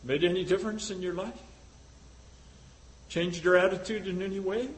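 A man preaching a sermon, swinging between loud exhortation and hushed questions. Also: sits high, fairly even intonation, normal speed, poor audio.

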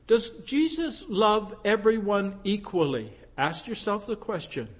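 A man preaching a sermon in a noticeably high voice. He takes his time, leaning on long pauses, and moves between quiet, probing questions and fervent, emphatic appeals. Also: big pitch swings, husky. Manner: rhetorical questions, swelling from hushed to fervent. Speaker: pastor.

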